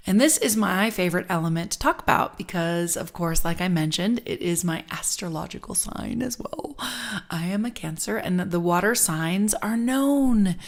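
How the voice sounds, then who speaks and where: A woman's voice: medium pitch, animated, normal speed. A woman guest speaker giving a heartfelt spiritual talk from home, emphatic and repeating phrases so the listeners join in. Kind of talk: spiritual talk with sung affirmations.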